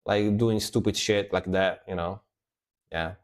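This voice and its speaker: With a lowish, fairly even voice, this man reacts to metal music on his stream at an unhurried pace. The live chat is casual; he's chatty, laughs frequently, and repeats phrases.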